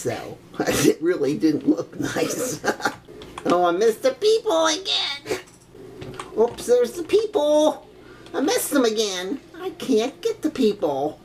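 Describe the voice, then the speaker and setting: A woman's voice: medium pitch, slight background noise. An older grandmother casually commenting as she plays a video game, chatty and exclamatory, with old-fashioned oaths and frequent giggles. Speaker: gaming grandmother.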